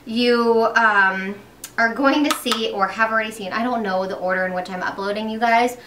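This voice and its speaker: A woman's voice: on the high side, normal speed, echoey room, far from the mic, background noise. A young pregnant woman chatting casually while doing her makeup, upbeat, with lots of fillers and restarts. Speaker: beauty vlogger.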